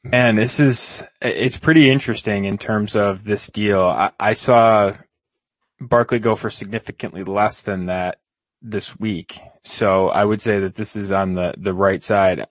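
A man's voice: on the low side, fairly even intonation, a little slow, no room sound. A man co-hosting a fantasy football show, thinking aloud with hesitant restarts. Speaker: podcast co-host. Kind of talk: casual fantasy football discussion.

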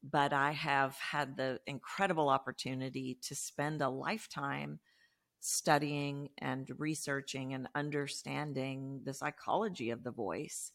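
A woman's voice: very deep voice, a bit bright. A woman voice expert, a guest in an interview, talking about her work with enthusiasm and sometimes restarting her phrases. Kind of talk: casual interview talk.

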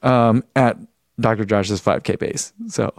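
A man's voice: lowish voice, fairly even intonation, unhurried, dry recording, studio quality. A man hosting a running live stream, chatting casually, reading out viewer comments and rambling with self-deprecating laughs.

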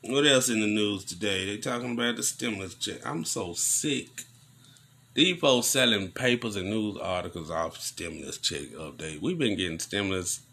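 A man giving casual news commentary on a vlog, preaching in animated rants full of slang. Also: lowish voice, normal speed, slight background noise.

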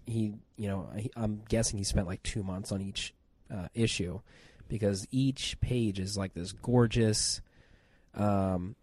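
Rambling man with a cold, mellow tone. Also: fairly low pitch, dry recording. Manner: rambling, excitable, many fillers and restarts. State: has a cold, on cold medicine. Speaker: podcast co-host. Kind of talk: casual chat.

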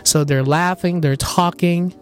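A man's voice: sits high, steady tone, unhurried, soft background music. A young man hosting a podcast, animatedly telling a dream story with laughs, casual chat among friends. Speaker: podcast host.

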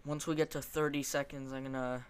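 A man's voice: mid-range voice, flat delivery, fairly quick. Young male podcast host, loose and joking, noisy home recording. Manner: rambling, joking, with frequent fillers. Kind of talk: casual chat.

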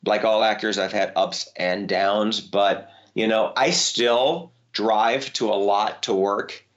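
Animated male voice actor, muffled audio. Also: slow pace. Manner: animated storyteller, voice jumps high when excited. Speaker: voice actor guest. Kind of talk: interview conversation.

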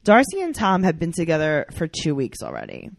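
A woman's voice: low-pitched, a little fast, vocal fry, slight background noise. A woman hosting a podcast, joking wryly through a casual recap chat. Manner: wry, joking, lively delivery. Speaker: podcast host, comedian.

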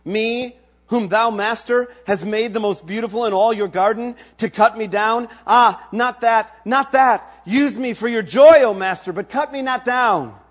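A man's voice: very deep voice, fairly even intonation, drawn-out words, pauses often, breathy edge, pitched below the performer's own voice, heavily acted. A man voicing a humble, devoted male bamboo plant in a spoken parable, begging his master in an old-fashioned way, on a dull lo-fi recording. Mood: horrified pleading. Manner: pleading, then hushed surrender.

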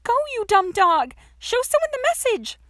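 A woman voicing a frightened teenage girl trapped in a pit, who shouts frantically in an audiobook. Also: very high-pitched, very animated, moderate pace, dry recording, clean studio sound, pitched above the performer's own voice, exaggerated voice. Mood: frustrated. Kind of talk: audiobook character voice.

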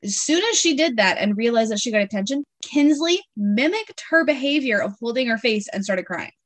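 Animated mom telling stories, dry close sound. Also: female voice, a little high, brisk, dry recording. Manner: animated storytelling, acts out her kids' voices. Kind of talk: casual chat.

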